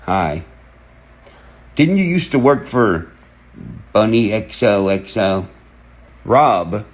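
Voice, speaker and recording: A man, ranting excitedly to camera, cursing and jumping from one topic to the next as he acts out quotes. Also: lowish voice, slow. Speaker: online creator. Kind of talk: rambling rant to camera.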